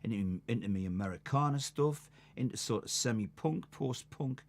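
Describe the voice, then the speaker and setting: A man's voice: mid-range voice, animated, moderate pace. An older man, a musician hosting a live stream, telling rambling stories between songs and laughing at them. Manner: chatty, rambling, laughs at his own stories. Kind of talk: casual storytelling between songs.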